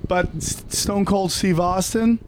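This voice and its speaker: A male comedian with a high voice talks over his gigs in a loose, easy way. Faint noise sits under the recording. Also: steady tone, slow pace. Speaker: comedian guest. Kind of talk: casual chat.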